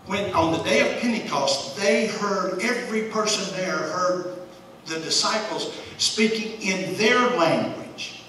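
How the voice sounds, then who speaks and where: Brief: folksy Bible study teacher, man, bright forceful voice, recorded from a distance. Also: high-pitched, takes it slowly. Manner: folksy, conversational, chuckles often. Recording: echoey room, distant mic, faint hiss.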